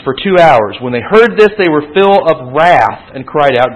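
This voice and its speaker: Male pastor, slightly higher voice, earnest teaching sermon with emphatic swells. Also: lively intonation, normal speed, hardly any pauses, rough recording.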